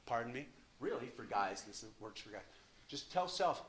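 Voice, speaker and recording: A man in his sixties giving an impassioned, profane personal share at a recovery meeting, swinging from hushed to loud. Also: mid-range voice, animated, normal speed.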